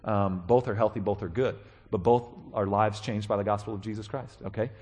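A male pastor preaching a conversational sermon, animated, checking in with his listeners and acting out quoted voices. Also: fairly low pitch, a little fast, slightly rough.

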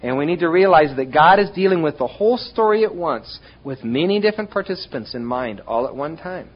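A man's voice: on the high side, a little fast, highs cut off. A man preaching a sermon, talking straight to his congregation with rhetorical questions and sudden bursts of emphasis. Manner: animated, addresses congregation directly with rhetorical questions. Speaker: pastor.

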